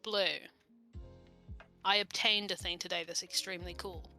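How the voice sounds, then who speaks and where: A woman's voice: on the low side, level tone, moderate pace, sharp tone, soft background music. A woman co-hosting a stream in casual chat, making dry, teasing remarks. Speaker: stream co-host.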